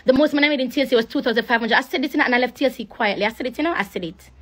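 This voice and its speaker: A young woman with a Jamaican accent, livestreaming a rambling, preachy sales pitch for her network marketing business. She repeats herself and slips into patois. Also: very fast. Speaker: live streamer promoting a network marketing business. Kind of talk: casual live-stream sales pitch.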